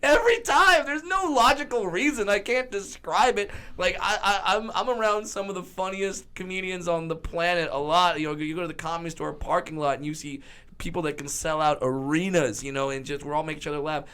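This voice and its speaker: A man who is a comedian guest on a podcast, telling stories in casual chat with an animated manner and stammering restarts. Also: high-pitched, a little fast, clean tone.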